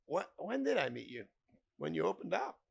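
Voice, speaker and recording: A man's voice: on the high side, sing-song, moderate pace, vocal fry, breathy edge. A middle-aged man hosting a podcast in a bar, telling rambling, profane, jokey stories full of name-dropping. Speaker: podcast host. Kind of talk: casual storytelling chat.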